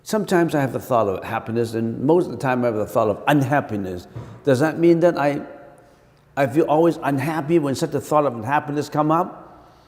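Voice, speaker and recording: A man teaching meditation as a Buddhist monk, giving an animated dharma talk full of rhetorical questions and repeated phrases. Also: medium pitch, fairly quick. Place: temple hall. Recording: long reverberant hall.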